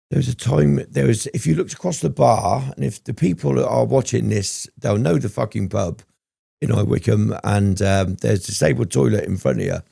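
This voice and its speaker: A man's voice: medium pitch, creaky, mellow, slightly rough, no room sound, clean studio sound. A man telling his story as a podcast guest, rambling and swearing often, with frequent ums. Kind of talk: candid storytelling interview.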